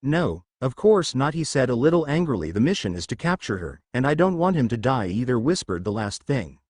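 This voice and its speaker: A man's voice: mid-range voice, sing-song, fairly quick, a little mellow, dry recording. A man voicing a serious male hero leader giving a mission briefing.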